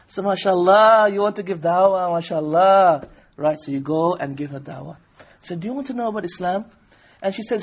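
A man preaches a sermon in a high, husky voice. He tells his story with animation and jumps into short acted-out exchanges as he goes. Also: moderate pace. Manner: animated storytelling, acting out dialogue. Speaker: Islamic preacher.

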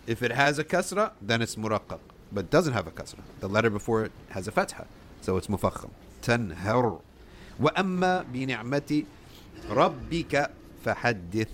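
A man's voice: medium pitch, slight background noise. A man teaching tajweed, explaining the rules step by step, reciting short examples and checking in with his students.

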